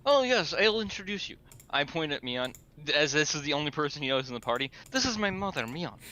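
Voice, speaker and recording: A man's voice: fairly high pitch, sing-song, a little fast, bright, forceful tone, slight background noise. A man taking part as a player in a tabletop role-playing game, speaking politely and casually in character.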